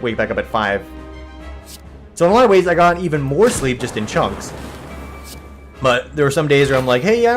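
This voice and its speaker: A young man talks casually over a card game he is playing, drifting into a story about people criticizing his diet. He tells it with animated swings in pitch and puts on exaggerated voices for the people he quotes. Soft music plays faintly underneath. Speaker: gaming video host. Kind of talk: casual commentary over gameplay.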